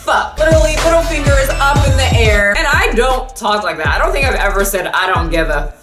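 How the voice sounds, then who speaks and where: A young woman telling a personal story on her vlog, animated, sarcastic and full of swearing. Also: sits high, fast talker. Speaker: vlogger. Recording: echoey room with music. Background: music.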